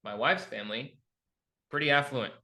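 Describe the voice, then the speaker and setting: A man's voice: medium pitch, normal speed, sharp tone. A middle-aged man coaching a live online class on real estate investing, telling stories and acting out both sides of his phone calls. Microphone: video call.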